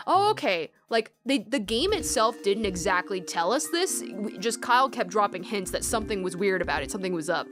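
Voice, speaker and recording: A woman giving casual, excitable commentary as she plays a game, chatting and thinking aloud. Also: medium pitch, fairly quick, hardly any pauses, soft background music. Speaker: let's play commentator.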